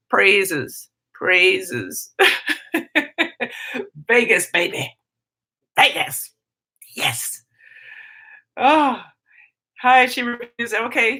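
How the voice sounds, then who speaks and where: An excitable woman chats through her own live stream, calling out to viewers by name between stories. Her voice sits a little high and rings bright and forceful, and her talk is loose, chatty and quick to bounce around. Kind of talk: casual live-stream chat.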